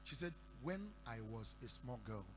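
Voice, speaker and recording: A Nigerian man preaching a sermon, telling stories and breaking into shouted declarations. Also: medium pitch, sing-song, moderate pace. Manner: storytelling with sudden shouted declarations. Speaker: pastor. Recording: echoey hall with faint hum.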